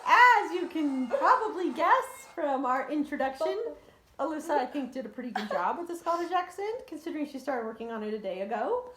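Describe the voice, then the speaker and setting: A woman's voice: high voice, big pitch swings, fairly quick, a bit bright, a little hiss or hum. Chatty woman co-host in an echoey room. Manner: chatty, with frequent ums and giggles. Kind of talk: casual family history presentation.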